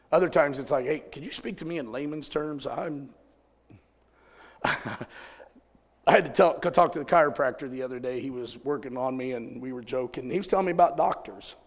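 A man preaching a sermon to a congregation, telling folksy stories and swinging from loud exclamations to quiet asides. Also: mid-range voice, in a large hall. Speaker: pastor. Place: church service.

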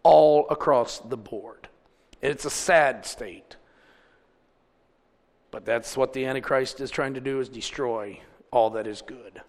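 A middle-aged man preaching a sermon as pastor, swinging between loud, drawn-out peaks and quiet asides. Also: mid-range voice, long reverb tail.

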